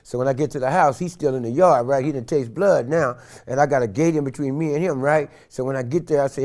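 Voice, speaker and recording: A man in his sixties from San Francisco, a guest in an interview, telling stories with animated energy and acting out the voices of the people in them. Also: mid-range voice, fast, hardly any pauses. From San Francisco, California. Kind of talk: animated storytelling. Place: studio interview set.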